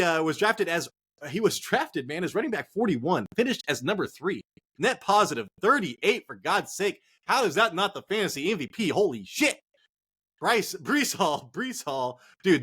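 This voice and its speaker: Excitable man, swearing casual chat. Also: fairly high pitch, husky. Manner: excitable, swears a lot, says "dude" and "man". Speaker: podcast host.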